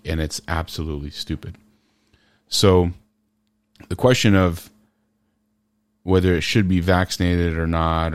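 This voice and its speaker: A podcast host in casual commentary, ranting sarcastically and firing off rhetorical questions. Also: male voice, deep voice, no room sound.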